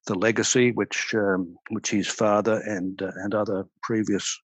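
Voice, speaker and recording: An older man, a retired army officer speaking as a podcast guest, explaining in a measured, storytelling way. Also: fairly low pitch, level tone, husky, dry recording, rough recording. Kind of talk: podcast interview.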